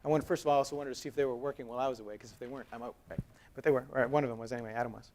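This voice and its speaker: A man's voice: mid-range voice, rapid-fire, a little hiss or hum. A man in his thirties giving a live conference presentation, conversational and storytelling, joking with the audience. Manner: animated storytelling, acts out quoted dialogue. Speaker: conference speaker. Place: conference hall.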